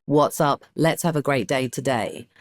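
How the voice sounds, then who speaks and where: A woman's voice: extremely low pitch, normal speed, no echo, studio quality. A middle-aged woman, chatting casually as a guest and acting out stories. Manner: animated storyteller, acts out voices. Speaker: guest actor. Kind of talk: casual chat.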